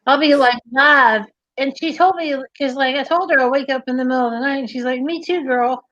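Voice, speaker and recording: A woman's voice: sits high, fairly quick, fairly bright tone, dry recording. A woman hosting a casual livestream, chatty, giggly and rambling, on dry, slightly dull audio. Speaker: livestream host.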